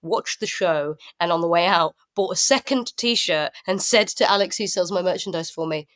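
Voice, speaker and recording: A woman's voice: on the low side, normal speed, fairly bright tone. A woman guest musician in a casual comic chat, talking animatedly and with self-deprecating humour, often laughing.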